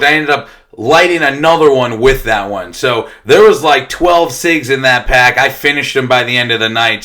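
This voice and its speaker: Blunt, swearing young man, bright voice. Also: mid-range voice. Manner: swears constantly, blunt and conversational. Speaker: detox center worker sharing his recovery story. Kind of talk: casual storytelling.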